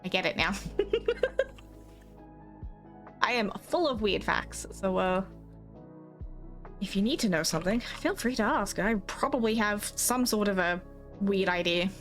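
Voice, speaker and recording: A woman's voice: mid-range voice, expressive, moderate pace, a bit bright, soft background music. A young Australian woman streaming a game, chatting casually and rambling, swearing freely and quoting herself and others. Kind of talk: casual chat while gaming.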